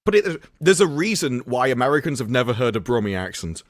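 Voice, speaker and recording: Guy cracking dry jokes on a stream, mid pitch, chatty. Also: very animated, a little fast, dry recording. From England. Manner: joking, riffs on British accents with dry humor. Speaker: stream co-host. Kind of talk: casual chat.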